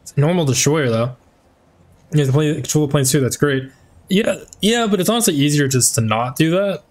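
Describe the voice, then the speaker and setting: A man's voice: fairly high pitch, fast talker, a little mellow. Casual male streamer talking over a game. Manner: casual, swears, chatty slang. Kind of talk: gaming commentary.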